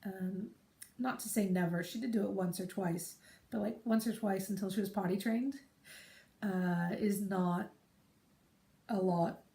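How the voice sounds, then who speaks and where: A woman chats casually on her home podcast, rambling along and wandering into side remarks. Her voice is soft and mellow, set in the middle of a woman's range. It sits in a room with a noticeable echo. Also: mid-range voice, steady tone, unhurried, long pauses. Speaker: podcast host. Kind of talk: casual chat.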